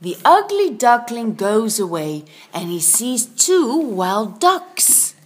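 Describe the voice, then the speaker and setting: A woman narrating a children's story in slow, simple, expressive sentences for young learners. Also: a little high.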